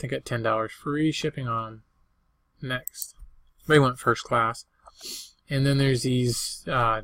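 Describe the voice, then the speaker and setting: In a pushed, bright voice of medium pitch, with no echo, an older eBay reseller rambles through a casual show-and-tell vlog. Folksy and meandering, he lists what he paid for each item, what it sold for, and the dates.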